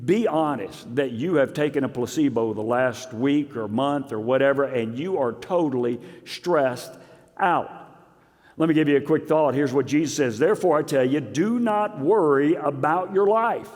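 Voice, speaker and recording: A man preaching a sermon as pastor, swinging between loud emphasis and quiet asides. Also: fairly high pitch, big-room sound. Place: church sanctuary.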